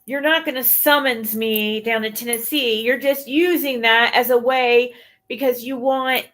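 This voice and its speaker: A woman's voice: on the high side, steady tone, measured pace, fairly bright tone. A woman livestreaming a casual rant to her chat, blunt and profane, sounding exasperated as she talks things through.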